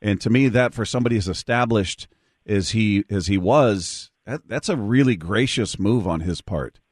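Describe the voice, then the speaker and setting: A man hosting a call-in radio show, his voice sitting on the low side. He talks reflectively, with many small restarts, into a dry studio mic with no room echo. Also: moderate pace. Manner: warm repetitive restarts, reflective. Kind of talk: call-in radio tribute chat.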